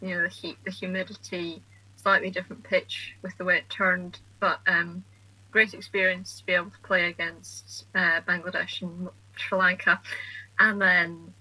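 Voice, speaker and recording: A young Scottish woman, a guest cricketer, answering in an upbeat but even way. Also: on the low side, moderate pace, poor audio. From Scotland. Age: young adult.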